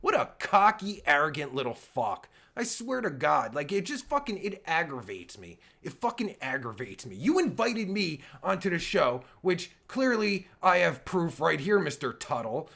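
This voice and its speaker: A man's voice: fairly high pitch, sing-song, normal speed, creaky, hardly any pauses, pushed and bright. A man ranting angrily and sarcastically as he reacts to a podcast clip, swearing constantly. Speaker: podcast host reacting to a recording. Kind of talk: profane ranting commentary.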